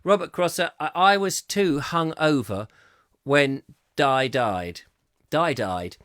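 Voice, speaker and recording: A man's voice: slow pace, fairly bright tone, no echo, clean studio sound. A man hosting a comic chat show, reading out viewer comments and riffing on them with jokey asides. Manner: jokey, chatty, pitch swoops for comic effect.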